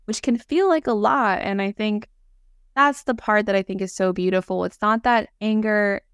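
A woman hosts a podcast conversation, eager and affirming as she reflects her guest's points back. She talks in a loose, chatty way full of fillers. Her mid-pitched voice sounds close and dry. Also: moderate pace, fairly bright tone, smooth, no room sound. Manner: enthusiastic, affirming, chatty with many "like"s. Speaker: podcast host.

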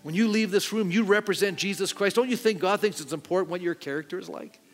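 A middle-aged pastor preaches in a casual, conversational way, pitched a bit high for a man, and keeps turning to the congregation with questions. His voice carries a long hall reverb, and soft instrumental music plays faintly underneath. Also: fast talker. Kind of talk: sermon with altar call. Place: church sanctuary.

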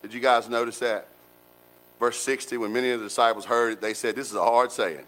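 A man preaching a sermon in a folksy, animated way, with colloquial asides to the congregation. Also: mid-range voice, brisk, rough recording. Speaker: pastor.

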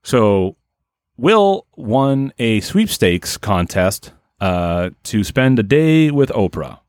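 Rambling, deadpan male comedy storyteller. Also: mid-range voice, takes it slowly, dry recording. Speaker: podcast host.

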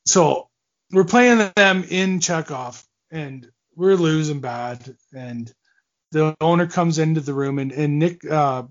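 A man's voice: fairly high pitch, slow pace, highs cut off. A man in his forties, a former hockey player, telling long stories in a casual interview, rambling with fillers, restarts and laughs.

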